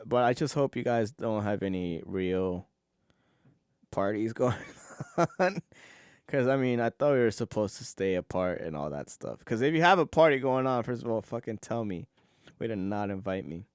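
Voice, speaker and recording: Low-voiced man rambling on a podcast. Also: a little mellow, clean tone, no room sound, studio quality. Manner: rambling, casual, swears, laughs often. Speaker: podcast host. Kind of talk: solo podcast chat.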